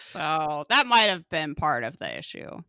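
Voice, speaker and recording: Female podcast co-host, lower voice, crisp and bright, wry comic timing, dry close sound. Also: unhurried, dry recording. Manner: wry jokey quips, lively delivery. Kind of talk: casual chat.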